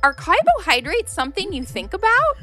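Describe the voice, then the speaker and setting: A woman's voice: very high-pitched, huge pitch swings, fairly quick, pushed and bright, faint music behind, voice pushed up, exaggerated voice. A woman voicing a perky female grub in love, in a comedy ad parody, gushing and bubbly.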